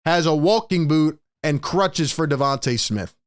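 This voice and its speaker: Man, fan show host, frustrated rant, reads chat comments, slightly high voice, dry close sound. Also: a little slow, hardly any pauses, no room sound. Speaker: sports podcast host. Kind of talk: live postgame fan commentary.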